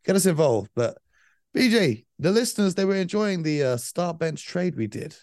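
A man's voice: on the high side, very animated, normal speed, darkish tone, no room sound, clean studio sound. A man hosting a podcast in casual chat, running the segments, talking to listeners and arguing his picks firmly. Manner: runs the segments, speaks to listeners, firm and opinionated. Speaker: podcast host.

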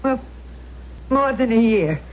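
A woman's voice: fairly high pitch, expressive, slow, muffled recording. An actress playing an elderly, guilt-ridden landlady and former actress, speaking hesitantly and stammering in a 1970s radio drama. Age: older.

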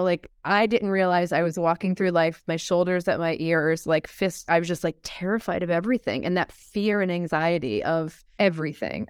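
A woman telling her personal story as a podcast guest, animated and acting out the dialogue she quotes. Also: on the low side, smooth, no room sound, clean studio sound.

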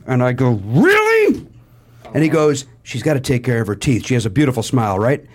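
A man telling a comic story in casual chat, with a carrying voice that has a little edge. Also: fast talker. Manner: animated, jumps into high voices for quoted people. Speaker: podcast regular telling a story.

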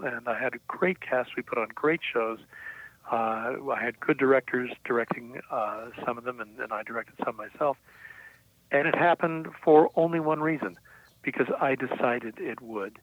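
A man's voice: medium pitch, no echo. An older man, a writer being interviewed, telling stories about his past with self-assurance and frequent fillers and restarts. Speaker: guest writer. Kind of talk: reflective storytelling. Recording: tinny, dry phone-like line.

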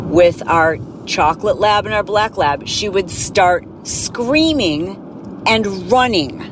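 A woman podcast host telling a story in a casual, animated way, acting out voices from it. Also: mid-range voice. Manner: animated, acts out voices in her stories. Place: in a car. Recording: clear road noise behind.

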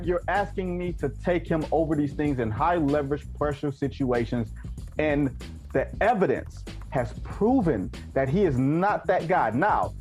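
A man's voice: on the high side, a little mellow. A man giving brash, emphatic basketball opinions as a guest on a sports talk show, with faint music behind. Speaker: guest analyst.

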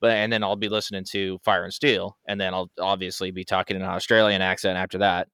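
A male podcast co-host who talks in a loose, rambling way, circling back on himself. His low voice is bright and forceful, and the sound is dry and close. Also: level tone, fast, clear, resonant tone, no echo. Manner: rambling, chatty, self-interrupting. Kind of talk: casual podcast chat.

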